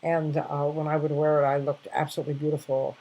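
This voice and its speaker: A woman's voice: deep voice, level tone, fast, dark tone, muffled recording. An older woman casually sharing reflective anecdotes, rambling with many restarts and fillers.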